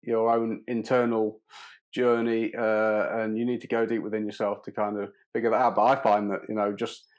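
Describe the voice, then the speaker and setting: A man's voice: on the low side, little pitch movement, normal speed, a little mellow. A man who is a podcast guest, speaking in an earnest, philosophical way and often repeating words. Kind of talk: casual conversation.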